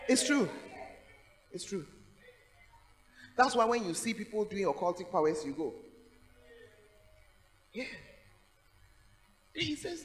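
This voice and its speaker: Animated Ghanaian woman preaching. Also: a little high, normal speed, pauses often, in a large hall, low-quality recording. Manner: animated, calls out "Hey!", laughs while preaching. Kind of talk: sermon. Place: large church hall.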